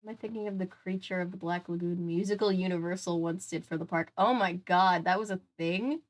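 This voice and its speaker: A woman's voice: on the low side, steady tone, brisk. A young adult woman on a livestream, chatting with viewers and reading a children's mystery book aloud. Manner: chatty, reacts to chat, reads aloud.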